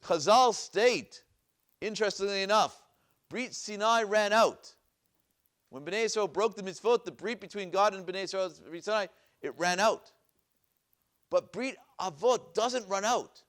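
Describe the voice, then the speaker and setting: Speaking at a measured pace in a high, fairly bright voice, a man teaches Bible as a rabbi in a synagogue classroom. His lecture mixes Hebrew verses read aloud with questions to the listeners, which he repeats.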